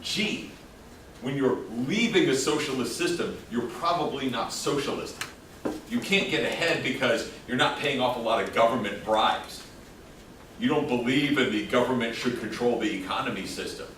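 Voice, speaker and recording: A man's voice: mid-range voice, normal speed, fairly bright tone, recorded from a distance, slight background noise. A man lecturing a class in a casual, joking way, throwing questions out to the students. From El Paso, Texas. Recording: echoey classroom taped from afar.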